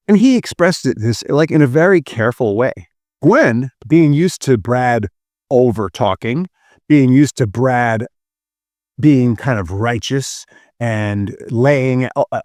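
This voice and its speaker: A man's voice: medium pitch, darkish tone, dry recording, studio quality. A man hosting a relationship podcast, teaching through a retold story in an earnest, emphatic way.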